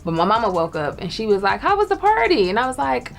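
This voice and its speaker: A woman's voice: mid-range voice, big pitch swings, fast talker, creaky, few pauses. A young woman telling a story in casual chat, laughing and acting out the voices of people she quotes. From Detroit. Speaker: guest storyteller.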